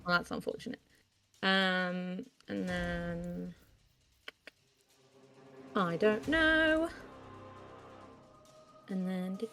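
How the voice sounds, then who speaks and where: Female player, unhurried and giggly, faint music behind. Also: fairly low pitch, sharp tone. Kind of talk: playing a tabletop game over voice chat.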